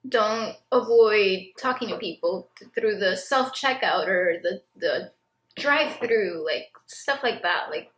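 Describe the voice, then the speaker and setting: A woman's voice: mid-range voice, expressive, slow pace, fairly bright tone. A young woman, a stay-at-home mom, talking candidly to her viewers in a chatty, confessional way that is full of "like" fillers. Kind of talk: casual confessional chat to camera. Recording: roomy echo.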